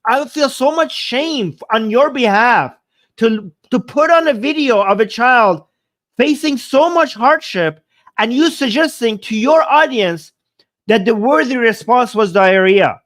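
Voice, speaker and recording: A man's voice: extremely high pitch, expressive, a little slow, fairly bright tone. A man hosting a debate show, reacting to a clip with angry, indignant commentary and repeating himself. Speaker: host.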